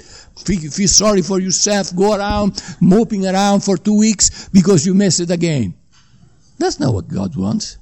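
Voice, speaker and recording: High, gravelly-voiced male preacher. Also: lively intonation, moderate pace, warm tone. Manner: rambling and repetitive, often checking in with "okay?" and "you know". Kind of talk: Bible teaching sermon.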